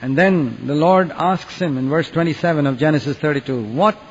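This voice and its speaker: Delivering a sermon, a man preaches earnestly at a moderate pace, sinking to a hush before climbing to loud, dramatic peaks. His fairly high, slightly rough voice rings through a long hall reverb, though the recording sounds dull and muffled.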